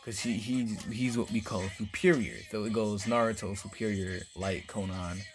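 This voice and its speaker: A man's voice: on the low side, fairly even intonation, normal speed, faint music behind. Rambling man telling a fan story. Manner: rambling, many filler words. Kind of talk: casual fan-story narration.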